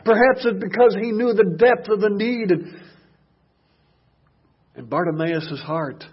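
A man preaching a sermon, dropping to hushed murmurs and rising to loud shouted passages. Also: high-pitched, a little slow, husky, muffled recording.

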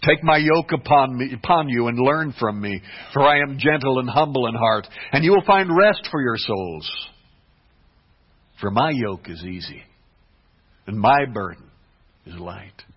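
Man, pastor, sermon, husky voice, dull lo-fi sound. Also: medium pitch, animated, measured pace. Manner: dynamic preaching, swings from hushed to emphatic. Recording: dull lo-fi recording.

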